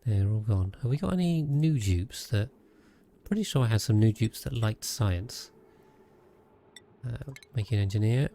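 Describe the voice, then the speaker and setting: A man with a lowish voice chats his way through a game stream, speaking casually into a desk mic. He thinks aloud, restarting and trailing off as he plays. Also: expressive, unhurried, warm tone. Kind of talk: casual gameplay commentary.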